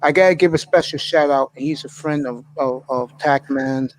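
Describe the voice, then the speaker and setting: A man's voice: a little high, normal speed, a little hiss or hum, low-quality recording. A man hosting a live stream in casual chat, effusive and openly emotional as he thanks his friends.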